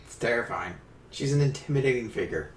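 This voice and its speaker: A man's voice: mid-range voice, animated, brisk. A man co-hosting a podcast, musing in a laid-back, hedging way. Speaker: podcast co-host. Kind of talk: casual chat. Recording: roomy, distant mic with faint hum.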